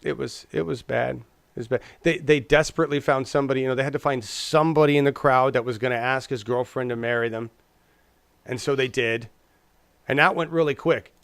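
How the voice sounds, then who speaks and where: A man's voice: mid-range voice, fairly quick, gravelly, fairly bright tone, no room sound. A man co-hosting a casual political chat, rambling and restarting his words, slipping into mocking impressions. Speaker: podcast co-host.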